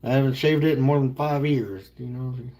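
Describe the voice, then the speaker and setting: A man's voice: medium pitch, fairly even intonation, fast talker, warm tone. A man in his thirties chatting casually with viewers on a livestream, rambling and joking as he answers their questions. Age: 30s.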